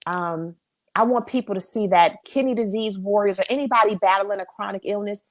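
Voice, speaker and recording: A woman's voice: mid-range voice, a little fast, a little hiss or hum. A woman answering interview questions, earnest and emphatic, speaking with faith. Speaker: guest.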